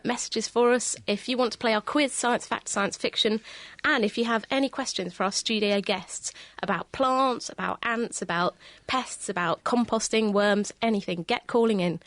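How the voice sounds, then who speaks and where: A woman's voice: fairly high pitch, no echo. Joking woman radio co-host. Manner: lively, joking. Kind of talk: live radio chat. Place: radio studio.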